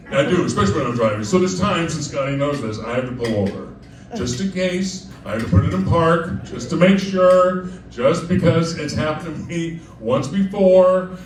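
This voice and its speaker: A man performing live comic storytelling at a club, chatty and digressive, often laughing as he talks. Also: sits high. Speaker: cabaret performer. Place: club stage with diners. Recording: echoey live room, distant mic, crowd noise.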